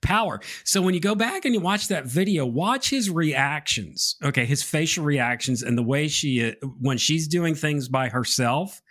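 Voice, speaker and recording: A man's voice: fairly high pitch, animated, normal speed, hardly any pauses, fairly bright tone. A man co-hosting a live stream, reading out viewer comments and reflecting earnestly on faith in casual chat. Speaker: co-host of a faith reaction stream.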